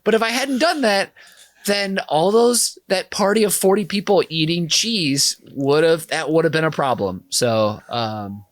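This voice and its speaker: A man on a comedy podcast, talking excitably with many restarts. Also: a little high, unhurried, no echo. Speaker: podcast contestant. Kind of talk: casual comedic chat.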